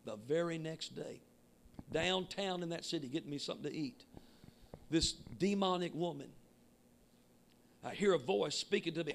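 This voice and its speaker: Gravelly, high-pitched shouting preacher. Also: male voice, moderate pace, long pauses, a little hiss or hum. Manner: shouting, emphatic, swinging between loud and quiet. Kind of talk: Pentecostal sermon.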